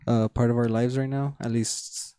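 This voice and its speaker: A man's voice: mid-range voice, flat delivery, moderate pace, mellow, clean tone, no echo, studio quality. A young man co-hosting a podcast, chatting casually and rambling with fillers, restarts and frequent laughs. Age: young adult. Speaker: podcast co-host. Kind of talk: casual chat.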